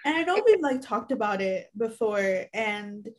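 A woman's voice: medium pitch, sing-song, measured pace. Young woman, reflective and supportive. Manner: reflective and supportive, with many "you know" fillers. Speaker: podcast co-host. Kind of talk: casual chat.

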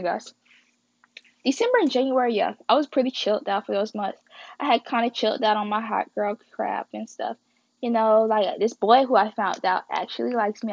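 A woman's voice: on the high side, creaky, a little mellow, breathy edge. A young woman podcast host, telling a story casually and animatedly, acting out texts and swearing freely. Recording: dry, dull lo-fi audio.

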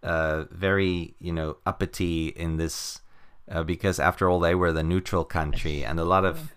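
A man with a very low voice talks through a story in loose, easygoing chat. He rambles with plenty of fillers and little chuckles along the way. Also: fairly even intonation, moderate pace, a bit bright, clean tone. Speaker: comic book podcast co-host. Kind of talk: casual chat.

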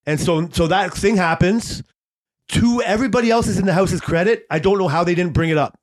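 A man's voice: high voice, fairly quick, a little hiss or hum. Rambling, profane man recounting a story. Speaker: podcast co-host. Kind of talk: casual chat.

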